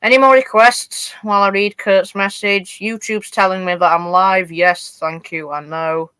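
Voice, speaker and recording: A teenage male host from Yorkshire, England, with a Yorkshire accent, chats casually on a live stream, answering viewers' messages while running model trains. His voice is high-pitched, steady, bright and pushed, with a clean tone at normal speed, though the recording quality is low.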